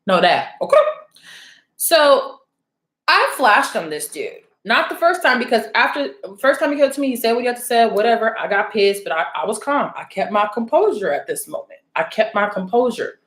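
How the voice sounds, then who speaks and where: A woman's voice: a little high, big pitch swings, normal speed, fairly bright tone, echoey room. A young adult woman telling a story and giving blunt advice in a casual vlog, swearing freely and often asking "okay?". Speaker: oracle card reader and channel host.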